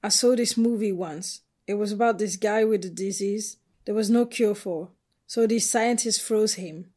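Grant is a brash, rough-spoken butch woman, anxious under the bluster. A woman narrating a novel voices her a touch higher and louder than her reading voice. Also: normal speed, natural voice. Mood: sad.

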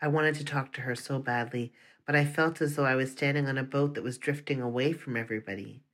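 A narrator reading a first-person story aloud in a steady, measured way. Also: mid-range voice.

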